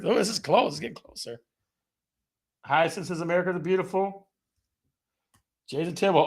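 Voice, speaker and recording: A man hosts a casual livestream from a home studio, his voice sitting a little high with a gravelly edge. He keeps things upbeat and playful, reading out viewers' chat comments as he goes. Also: moderate pace, long pauses. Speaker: host of a real estate live show.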